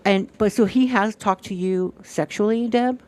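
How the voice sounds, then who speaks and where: A woman's voice: mid-range voice, normal speed, a little mellow. A woman chatting casually on a stream, retelling events animatedly, acting out quoted dialogue and swearing freely.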